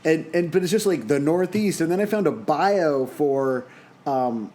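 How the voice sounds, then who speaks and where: A man's voice: a little high, animated, unhurried, dark tone. A man co-hosting a podcast, chatting casually, joking and laughing a lot. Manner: jokey, laughs often, puts on voices in anecdotes. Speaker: podcast co-host. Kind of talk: casual chat.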